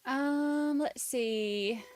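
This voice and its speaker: A woman's voice: sits high, very slow, dry recording. A young woman with a Southern US accent hosting a casual livestream, chatting loosely and reading viewer comments aloud. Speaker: livestream host.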